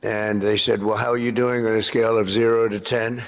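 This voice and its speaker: A man giving halting, boastful press remarks in a played clip. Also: lowish voice, little pitch movement.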